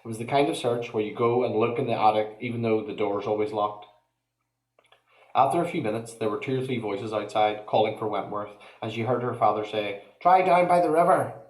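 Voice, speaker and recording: A man reading a novel aloud in a steady, expressive storyteller's voice. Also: lowish voice, a little fast. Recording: echoey room.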